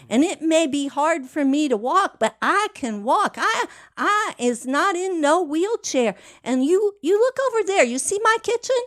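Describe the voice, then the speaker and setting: A woman's voice: high voice, voice pushed up. A woman voicing a poor, devout middle-aged woman who scolds emphatically and uses nonstandard grammar.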